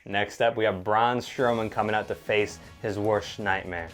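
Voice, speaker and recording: A man's voice: fairly low pitch, fairly even intonation, moderate pace, fairly bright tone, faint music behind. A man co-hosting a casual recap chat, laid-back with chuckling asides. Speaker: podcast co-host.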